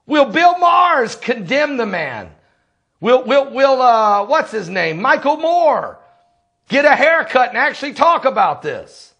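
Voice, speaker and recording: A fiery preacher with a strikingly high male voice hammers out one rhetorical question after another. His commentary is impassioned and repetitive, and at times it swells into shouting. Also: very animated, a little slow, creaky, slightly rough, dull audio.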